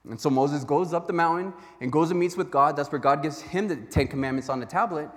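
A man preaching a sermon as a pastor, telling Bible stories in an animated way and acting out their voices. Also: on the high side, a little fast, long reverb tail. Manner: animated storytelling with acted-out voices.

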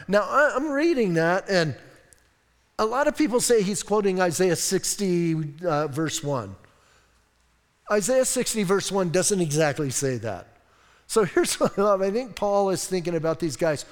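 Enthusiastic male pastor, high voice, casual and animated, long hall reverb. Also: measured pace. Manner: animated, conversational, enthusiastic preaching. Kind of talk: sermon. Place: church sanctuary.

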